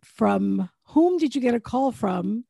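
Woman interviewer, warm husky voice, dry close sound, encouraging. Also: fairly high pitch, expressive, slow pace, no room sound. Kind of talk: casual interview.

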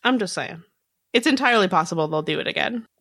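A woman's voice: lowish voice, animated, quick pace, fairly bright tone, no room sound, studio quality. A woman co-hosting a podcast in casual chat, speculating and hedging as she thinks aloud. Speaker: podcast co-host.

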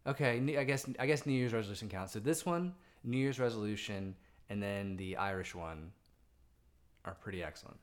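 A man's voice: on the low side, brisk. A man co-hosting a movie review podcast, bantering in a jokey, self-deprecating way. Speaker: podcast co-host. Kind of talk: casual chat, movie review.

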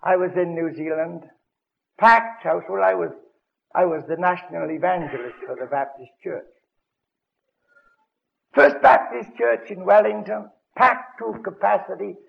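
Gravelly older preacher on old radio. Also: male voice, high voice, unhurried, muffled recording. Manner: dramatic storytelling with sudden loud bursts. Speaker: evangelist preacher. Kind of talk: radio broadcast sermon.

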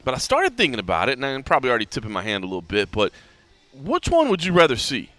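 A man hosting a podcast, chatting casually about fights, animated and full of restarts. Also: medium pitch, no room sound. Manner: animated, talks fast with many restarts. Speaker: podcast host. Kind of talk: casual sports chat.

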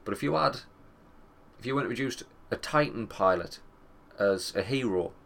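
A man's voice: medium pitch, expressive, normal speed, vocal fry, a bit bright. A young man chatting casually about video games in a rambling, sweary, wry way. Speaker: gaming commentator. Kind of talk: casual gaming chat.

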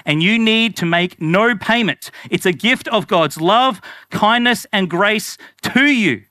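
A man's voice: sits high, bright, forceful tone, no echo. A man preaching an earnest, conversational sermon as a pastor, repeating phrases for emphasis.

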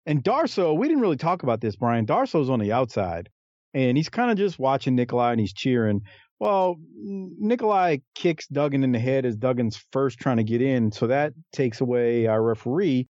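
Man, wrestling podcast co-host, casual chat, animated, lo-fi dry sound. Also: mid-range voice, moderate pace, dry recording. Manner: animated, acts out wrestlers' lines in a raised voice.

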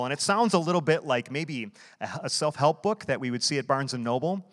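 A man's voice: a little high, brisk, few pauses, fairly bright tone. A man preaching a sermon, explaining scripture earnestly and asking rhetorical questions. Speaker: guest preacher. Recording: long hall reverb.

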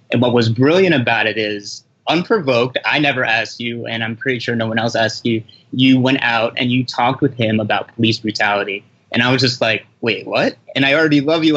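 A man's voice: medium pitch, fairly bright tone, highs cut off. A man from America, guesting on a podcast, speaking earnestly and confidently with a playful edge. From America, of Haitian parents. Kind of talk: casual podcast chat.

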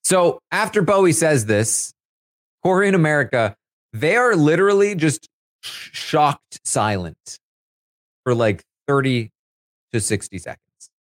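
Chatty man with a lively voice. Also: on the high side, measured pace, dry recording, clean studio sound. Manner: chatty, filler-heavy, laughs while talking. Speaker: live feed recap host. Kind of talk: casual recap commentary.

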